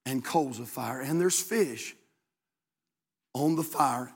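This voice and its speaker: A man preaching a sermon as pastor, swinging between shouted, climbing exhortation and hushed, low storytelling. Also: slow, husky. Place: church sanctuary. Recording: long hall reverb.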